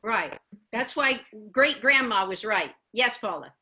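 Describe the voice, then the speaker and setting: A woman facilitating an online youth training session, gentle and encouraging, speaking over a video call. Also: fairly high pitch, lively intonation, a little slow, low-quality recording.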